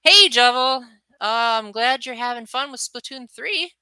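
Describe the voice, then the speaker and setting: A woman's voice: a little high, moderate pace, bright, forceful tone, clear, resonant tone, no echo, poor audio. A young adult woman chatting casually on her livestream, reacting to viewers and acting out little quotes. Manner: chatty, answers viewers' chat, acts out quotes. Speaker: livestream host.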